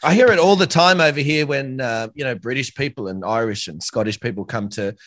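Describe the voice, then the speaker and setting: An Australian man hosting a podcast, chatting casually and warmly with a guest, calling him mate and laughing easily. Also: medium pitch, fairly quick, no echo, studio quality. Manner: friendly, says "mate" often, laughs easily. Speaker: podcast host. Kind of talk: casual interview chat.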